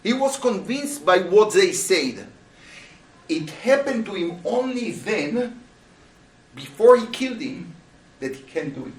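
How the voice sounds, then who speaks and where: A man teaching a Torah class as a rabbi, speaking with animated rhetorical questions to his students. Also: sits high, a little slow, pauses often. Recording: roomy, voice from a distance.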